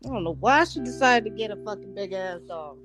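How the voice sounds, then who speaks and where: A woman's voice: medium pitch, animated, a little fast, music in the background. A woman co-hosting a podcast in casual chat, blunt and profane, laughing often. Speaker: podcast co-host.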